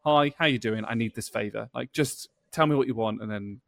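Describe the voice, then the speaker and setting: A man's voice: on the low side, a little fast, gravelly, fairly bright tone. Chatty man hosting a podcast. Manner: chatty storyteller who acts out quoted dialogue. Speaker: podcast host. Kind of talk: casual podcast chat.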